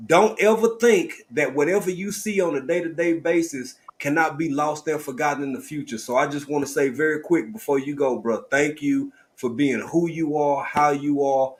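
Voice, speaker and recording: A man's voice: on the high side, moderate pace, hardly any pauses. A middle-aged man hosting a livestream, talking in a heartfelt, preacherly way and calling his listeners family. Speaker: livestream host. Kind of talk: casual live stream chat.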